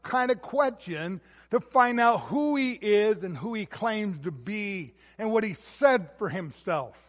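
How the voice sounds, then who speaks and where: A man preaching an expository sermon, emphatic, rising to loud stressed words and then dropping low. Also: expressive, slow, long reverb tail.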